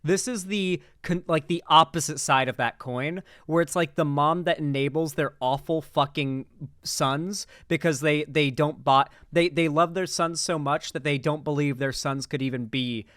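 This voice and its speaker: A young male streamer rants through political reaction commentary with a slightly high, clear, smooth voice. He is sarcastic and rambling, and the recording is close and dry. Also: steady tone, unhurried, fairly bright tone, dry recording.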